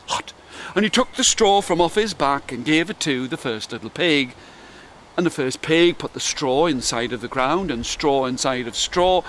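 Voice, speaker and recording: An older man, a grandparent, reading traditional tales aloud as bedtime stories in a soft, animated way. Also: a little high, a little hiss or hum. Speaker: grandparent storyteller. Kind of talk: bedtime storytelling.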